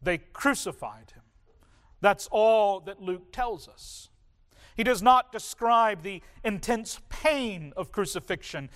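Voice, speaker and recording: A man preaching a sermon in a slow, deliberate way, with dramatic pauses between phrases. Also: sits high, expressive, fairly bright tone. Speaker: pastor.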